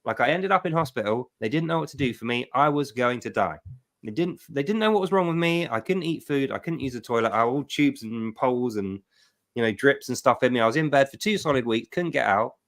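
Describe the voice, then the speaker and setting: A middle-aged man tells a personal story on his livestream, his medium-pitched voice rising and falling as he presses his points home. He talks in an emphatic, animated way, like a testimony. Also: a little fast. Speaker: livestream host.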